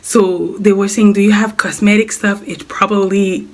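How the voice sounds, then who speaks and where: A sick young woman vlogging a casual life update in a hoarse, raspy voice, coughing often, rambling and repeating herself. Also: medium pitch, little pitch movement, normal speed. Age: young adult. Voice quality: raspy, smoker-like voice. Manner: rambling, repeats words, apologizes.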